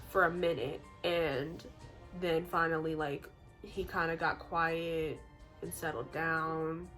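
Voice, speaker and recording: A woman's voice: on the low side, a bit bright, poor audio. A young woman casually telling a true story while doing her makeup, chatty and full of fillers. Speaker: beauty vlogger telling a true-crime story.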